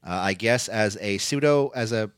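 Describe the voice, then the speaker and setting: A man's voice: lowish voice, normal speed, a bit bright, clean tone, dry recording, clean studio sound. A man casually recapping wrestling matches as a podcast host, talking in loose play-by-play full of fillers and restarts. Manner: rambling, filler-heavy play-by-play with frequent restarts. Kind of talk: casual chat.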